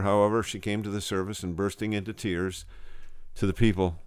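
A man's voice: fairly even intonation, fairly quick, clean tone, no echo, studio quality. A man retelling a revival story, stumbling and repeating words now and then. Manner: voices quoted speakers with raised pitch.

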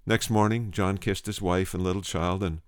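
A man's voice: sits low, steady tone, normal speed, no echo, clean studio sound. A male preacher telling a story in a sermon, earnest, restarting phrases and repeating words for emphasis.

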